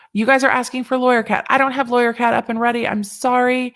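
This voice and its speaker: A woman's voice: on the high side, flat delivery, quick pace, a bit bright. Chatty woman lawyer hosting a livestream. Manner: chatty, rambling, playful, pleading asides to viewers. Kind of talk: casual livestream chat.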